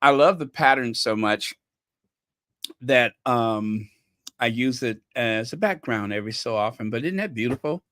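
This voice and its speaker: A man's voice: mid-range voice, a little slow, a bit bright, dry recording, studio quality. An American man hosting his own channel, talking casually to viewers in a rambling, playful way with lots of fillers. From United States. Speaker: channel host.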